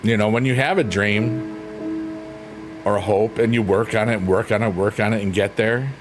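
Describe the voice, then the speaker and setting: A man hosting a relaxed livestream, chatting playfully and reading out messages from his viewers. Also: lowish voice, moderate pace. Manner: playful, silly, rambling, reads chat aloud. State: drained. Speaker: livestream host. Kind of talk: casual chat with live chat readers. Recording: faint piano music underneath.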